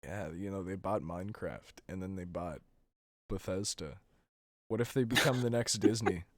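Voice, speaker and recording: A man's voice: low-pitched, normal speed, dry recording, clean studio sound. A man co-hosting a casual gaming podcast, joking around and letting his phrases trail off. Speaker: podcast co-host. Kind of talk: casual chat.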